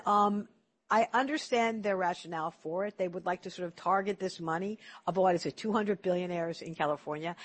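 A man hosting an interview, chatty and telling stories, often repeating words as he starts a sentence. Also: high voice. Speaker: interview host. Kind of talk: casual storytelling interview.

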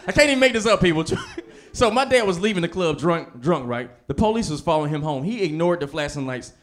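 High-voiced young man doing stand-up. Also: quick pace. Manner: animated storytelling, laughs between lines. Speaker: stand-up comedian. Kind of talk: stand-up comedy set.

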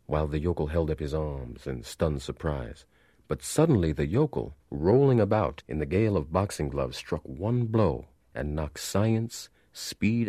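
Deep, husky male narrator. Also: dark tone, dry recording, studio quality. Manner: measured, reflective storytelling. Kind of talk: scripted audiobook narration.

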